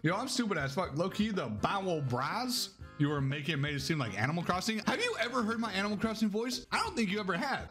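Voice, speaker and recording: A young man streaming a game live, joking loudly with chat and swearing a lot. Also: high voice, lively intonation, fast, hardly any pauses, over music.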